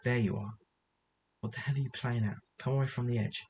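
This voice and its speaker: A man's voice: mid-range voice, steady tone, a little fast, a little mellow, slight background noise, close to an everyday voice. A man reading the lines of a defensive, snarling man caught out and lashing back, in a storybook reading. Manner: snarling, dismissive.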